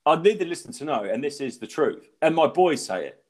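Stand-up, middle-aged, casual podcast storyteller, very lively delivery, swears a lot. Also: male voice, on the high side, fairly quick. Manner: animated storyteller acting out voices, swearing freely. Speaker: podcast co-host, stand-up comedian.

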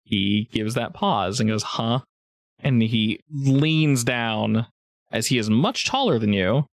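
A man's voice: medium pitch, lively intonation, slow, no echo. Laid-back male game master narrating. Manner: rambling, many fillers and restarts. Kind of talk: improvised tabletop game narration.

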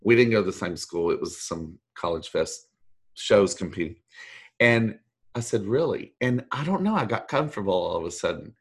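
A middle-aged man, a voice actor guest telling a long story in a rambling, animated way and acting out the people he quotes. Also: fairly low pitch, moderate pace, slightly rough. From Texas. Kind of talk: storytelling anecdote.

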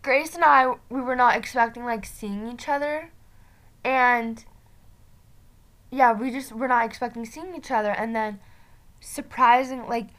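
High-voiced chatty teen girl. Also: fairly even intonation, measured pace, long pauses, fairly bright tone. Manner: chatty, many fillers, giggly storytelling. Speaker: vlogger. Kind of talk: casual chat. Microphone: video call.

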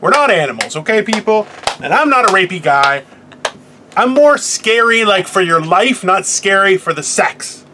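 A man's voice: high-pitched, animated, moderate pace, noisy background. A man in casual comedic chat, telling crude, self-mocking stories and acting out the voices of the people in them. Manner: acts out quoted voices.

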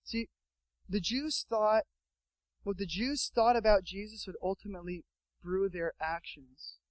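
A young adult man preaching a sermon as pastor, telling a story with lively acted-out quotes. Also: high-pitched, a little slow, no room sound, low-quality recording.

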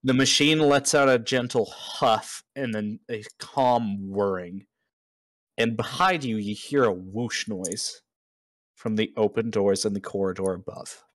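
A man's voice: fairly low pitch, a little slow, dry recording. Man narrating as game master, dry sound. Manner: relaxed storytelling with a few restarts. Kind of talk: narrating a tabletop game, doing NPC voices.

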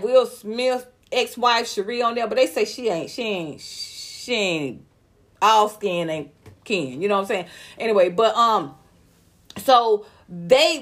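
Woman gossip vlogger, high voice, heated and outspoken, slangy, talks to viewers. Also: fairly bright tone. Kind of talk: celebrity gossip commentary.

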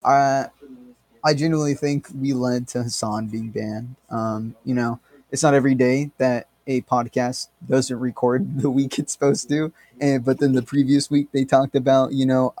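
A man's voice: medium pitch, little pitch movement, normal speed, a little mellow, dry recording. A man co-hosting a podcast, rambling and joking in casual banter, swearing freely. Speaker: podcast co-host.

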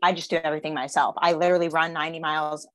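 A woman's voice: deep voice, little pitch movement, rapid-fire, fairly bright tone, no echo. Frank woman chatting, dry close sound. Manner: frank, emphatic, casual slang. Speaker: podcast co-host. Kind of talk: casual chat.

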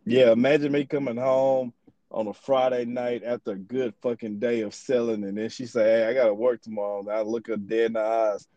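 A man's voice: medium pitch, fairly even intonation, moderate pace, warm tone, no echo, muffled recording. A young man hosting a podcast in casual chat, loose and profane, rambling through his stories. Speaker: podcast host.

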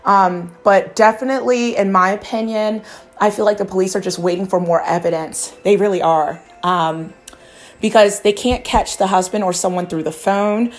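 A woman vlogger chatting straight to her viewers about her psychic hunches. She rambles and confides in a loose, conversational way, with the odd swear word and plenty of restarts. Her voice sits at an ordinary middle pitch. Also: moderate pace. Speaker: psychic true-crime vlogger. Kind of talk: casual chat to camera.

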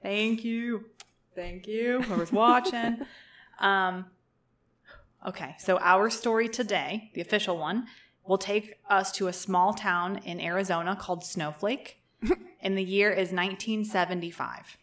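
A woman's voice: mid-range voice, fairly even intonation, unhurried, fairly bright tone. Young adult woman, podcast co-host, casual chatty storyteller with a joking tone. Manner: chatty, jokey, swears casually.

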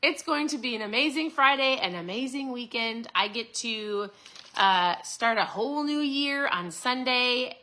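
Upbeat chatty woman in her 40s, pretty high voice, bright and a bit tense, hypes up her listeners. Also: animated, a little slow. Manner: upbeat, chatty, encouraging, often asks "right?". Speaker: host. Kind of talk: casual motivational talk to listeners.

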